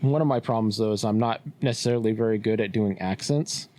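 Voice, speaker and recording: A man co-hosting a podcast, telling stories in a relaxed way and laughing often. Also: lowish voice, fast talker. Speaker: podcast co-host. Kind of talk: casual chat.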